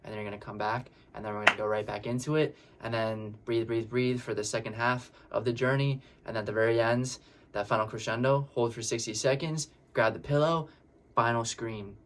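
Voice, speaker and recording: A man, a breathwork facilitator, explaining a session in a relaxed, reassuring way and often repeating his words. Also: mid-range voice, fairly quick, noisy background. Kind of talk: casual explanatory talk.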